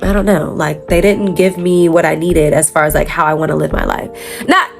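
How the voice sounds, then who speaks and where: A woman's voice: deep voice, fairly even intonation, a little fast, gravelly. Young woman, casual makeup vlog, rambling, slangy, laughs a lot, faint background music. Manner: rambling, filler-heavy, frequent self-corrections. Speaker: makeup vlogger. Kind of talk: casual chat while doing makeup.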